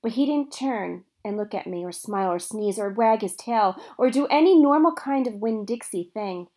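A woman teacher reading a children's novel aloud to her students with expressive storytelling. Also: medium pitch, moderate pace.

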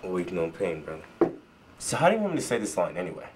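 A man's voice: sits low, sing-song, fast, background noise. A man playing a self-serious, pretentious actor who overplays toughness in an indie comedy. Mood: earnest. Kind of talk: indie comedy drama acting.

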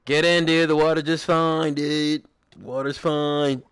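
A man's voice: on the high side, level tone, measured pace, smooth, dry recording, clean studio sound. A young man chatting casually while playing a game with friends, joking, swearing and humming little tunes. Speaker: gaming streamer. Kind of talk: casual gameplay chat with friends.

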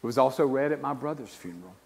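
A man, preaching a sermon and telling a personal story, his voice swinging from hushed to loud. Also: mid-range voice, expressive, racing, gravelly. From South Carolina. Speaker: guest preacher. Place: church sanctuary. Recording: long church reverb.

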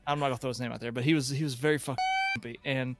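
A man's voice: mid-range voice, steady tone, racing. A man co-hosting a podcast and casually telling a long, rambling story from his early working days, with frequent restarts. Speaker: podcast co-host.

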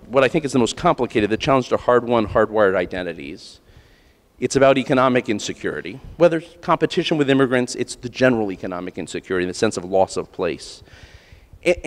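An American man giving a keynote speech at a conference in an earnest, conversational way, often restarting phrases and adding "right?" asides. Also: on the low side. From United States. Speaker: keynote speaker. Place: large conference hall. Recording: long hall reverb.

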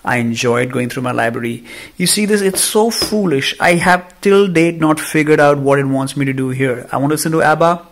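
A man with an Indian accent giving a casual phone review, ranting in an animated, exasperated way. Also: medium pitch, brisk, hardly any pauses. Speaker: tech reviewer.

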